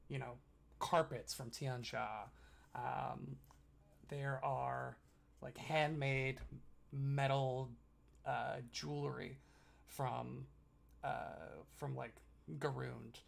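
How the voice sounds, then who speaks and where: A man's voice: medium pitch, gravelly. A man narrating a tabletop game as game master, rambling through descriptions with many fillers.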